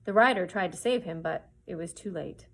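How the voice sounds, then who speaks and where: A woman, a children's librarian, reading a chapter book aloud for story time, pausing now and then to show pictures. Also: on the low side, fairly bright tone, husky, rough recording. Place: public library.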